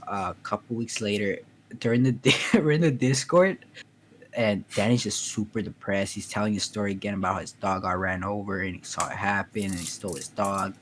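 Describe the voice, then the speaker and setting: A man's voice: fairly low pitch, a little hiss or hum. A man casually telling a story in a voice chat, often laughing as he goes. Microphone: computer mic in a voice chat.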